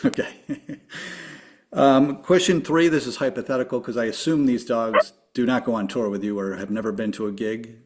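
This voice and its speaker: A man hosting a podcast interview, upbeat and friendly as he asks his guest quick questions. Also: mid-range voice. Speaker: podcast host. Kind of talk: casual interview.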